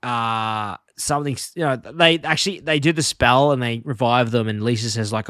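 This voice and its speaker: A man in a casual podcast chat, loosely retelling episode plots and filling his pauses with ums and uhs. His voice sits at an ordinary middle pitch. The sound is dry and close, with no room echo. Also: a bit bright. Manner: rambling retelling of episode plots, many fillers. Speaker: podcast co-host.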